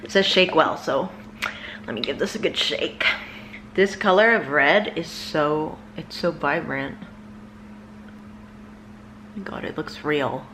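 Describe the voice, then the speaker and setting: A woman talks through a makeup tutorial in a casual, chatty way with plenty of filler words. She speaks slowly in a fairly low voice, with a faint hiss behind her. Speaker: makeup vlogger.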